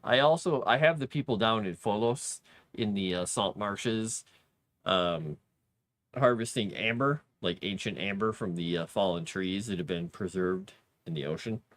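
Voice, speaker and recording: A man's voice: on the low side, measured pace, a bit bright, no room sound. A man casually chatting while building a fantasy map, muttering to himself and cooing at his cat. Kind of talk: casual livestream chat while working.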